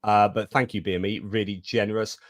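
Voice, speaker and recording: Low-voiced man co-hosting a live stream. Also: level tone, a little fast, dry recording, studio quality. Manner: chatty, reads out viewer comments. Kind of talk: casual live stream commentary.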